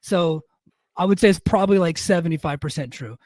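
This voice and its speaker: A man's voice: fairly high pitch, a little fast, noisy background. A middle-aged man casually telling a rambling, profane anecdote on a podcast, with many restarts. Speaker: podcast host. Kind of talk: casual storytelling.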